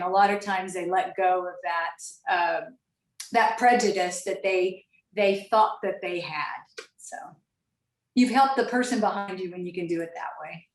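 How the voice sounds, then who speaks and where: Middle-aged woman guest, steady storytelling, roomy sound from afar. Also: mid-range voice. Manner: measured storytelling, frequent restarts. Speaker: retired airline captain, guest. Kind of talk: interview answers over a call. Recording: echoey, distant mic.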